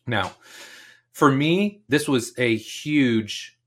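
A man's voice: medium pitch, animated, extremely slow. A man hosting a podcast Q&A, answering listener questions in a casual, chatty way and leaning on fillers like "like" and "you know". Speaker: strength coach and podcast host.

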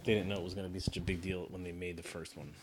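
A man's voice: low-pitched, level tone, racing. A wry, teasing man in a casual podcast chat about a film.

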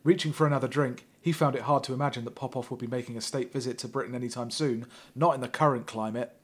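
A man's voice: medium pitch, steady tone, quick pace. A man hosting a podcast who reads a thriller novel aloud with heavy sarcasm, laughing often and breaking off to mock the text. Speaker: podcast host. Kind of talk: comic reading of a thriller novel.

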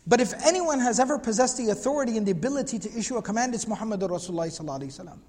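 A man with a high, lively, darkish voice races through a lecture class on prophetic biography, with a little hiss or hum and long hall reverb. He's emphatic and repetitive, often posing rhetorical questions and reciting Arabic phrases.

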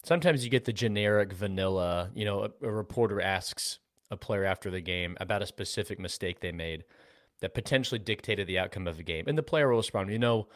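A man's voice: low-pitched, a little fast, dry recording, studio quality. A man co-hosting a casual sports talk show, explaining points steadily with examples. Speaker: podcast co-host.

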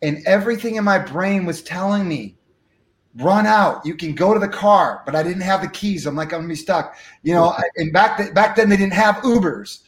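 Animated high-voiced man telling a story. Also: a little fast, hardly any pauses, echoey room. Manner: animated, acts out dialogue. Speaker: guest speaker. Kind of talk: storytelling in an interview.

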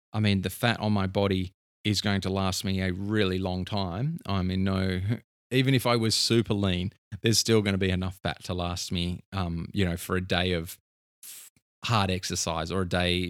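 Low-voiced man explaining earnestly. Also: no room sound, studio quality. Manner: earnest, thinks aloud with frequent restarts. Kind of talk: casual explanatory monologue.

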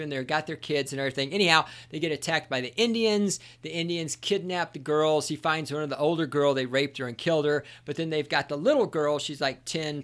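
A man's voice: fairly high pitch, a bit bright. A middle-aged man hosting a solo podcast, telling stories in a sarcastic, profane rant. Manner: ranting, profane, sarcastic storytelling. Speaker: podcast host.

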